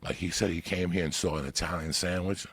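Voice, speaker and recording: A man telling a story in casual chat, animated and profane, with loud bursts of emphasis. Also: deep voice, fast talker, breathy edge. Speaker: podcast guest.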